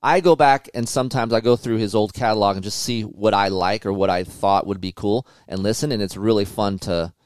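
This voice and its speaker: A man hosting a motocross podcast, telling stories in a casual, animated way and swearing often. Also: fairly low pitch, a little fast, few pauses, dry recording, studio quality. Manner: profane, animated storytelling. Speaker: podcast host, motocross test rider. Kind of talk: casual chat.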